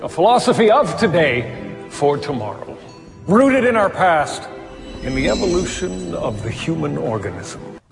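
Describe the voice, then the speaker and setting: An actor voicing a solemn male narrator in a promotional clip for a philosophy movement, with a grand, measured delivery. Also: a little high, sing-song, gravelly, full character voice. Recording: reverberant clip over music.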